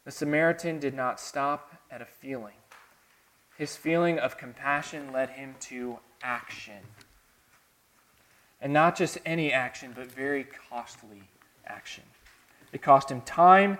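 A man from the American South preaching a sermon with a Southern accent, earnest, swinging between soft, quiet passages and emphatic, rising lines. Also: fairly high pitch. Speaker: pastor.

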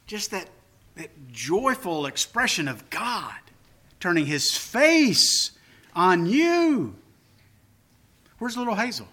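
A man's voice: on the high side, very animated, measured pace, sharp tone. An older man preaching a sermon, earnest and emphatic, with personal asides. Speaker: pastor.

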